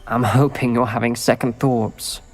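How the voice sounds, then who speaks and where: A man voicing a serious young wizard in a video game, speaking in a calm, measured way. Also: medium pitch, close to an everyday voice. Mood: grave. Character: serious young male wizard, wary of dark magic. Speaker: game character, a student wizard. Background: game music.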